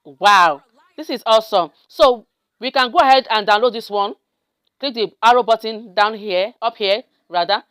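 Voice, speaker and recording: A woman's voice: on the high side, moderate pace, a bit bright, smooth, no echo, studio quality. A woman hosting a step-by-step screen tutorial, often checking in with her viewers. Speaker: tutorial host. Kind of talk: screen-recorded software tutorial.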